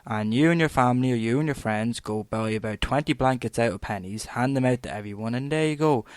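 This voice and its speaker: A man's voice: mid-range voice, quick pace, few pauses, no room sound. Blunt, rambling Irish man ranting. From Ireland. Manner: blunt, rambling, swears freely, full of "like". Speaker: podcast host. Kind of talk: ranting opinion monologue.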